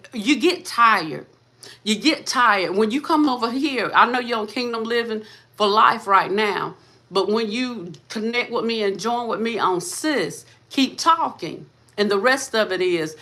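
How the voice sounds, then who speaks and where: Fervent bright-voiced woman preaching encouragement. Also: medium pitch. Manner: repetitive, fervent, addresses listeners as sis and baby. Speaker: host of a motivational channel. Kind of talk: impassioned faith-based motivational talk.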